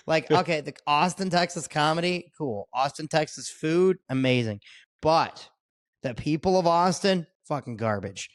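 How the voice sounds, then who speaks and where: A man with a somewhat high voice tells stories on a podcast. He is a stand-up comedian, swears freely, and laughs often as he talks. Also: moderate pace, no echo, clean studio sound. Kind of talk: casual profane storytelling.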